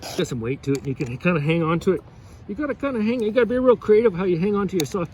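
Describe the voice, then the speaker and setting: Folksy rambling man over file rasping. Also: high-pitched, lively intonation, rapid-fire, a little mellow, a little hiss or hum. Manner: folksy, chuckling, repeats and restarts often. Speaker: fishing lodge owner giving advice. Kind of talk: rambling casual advice while sharpening a chainsaw.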